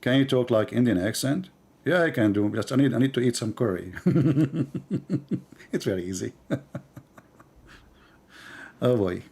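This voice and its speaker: A man hosting a live stream, talking in a mocking, animated way with sudden drops to a mutter. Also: mid-range voice, measured pace, long pauses, slightly rough.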